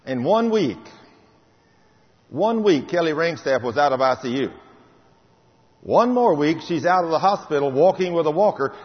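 A man's voice: fairly high pitch, animated, normal speed. An older man giving a fervent testimony sermon, repeating key phrases with emphasis. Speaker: preacher. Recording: muffled hall recording.

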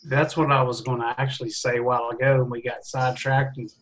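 A man in a Bible study group sharing a personal testimony in a halting, conversational way. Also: mid-range voice, little pitch movement, low-quality recording.

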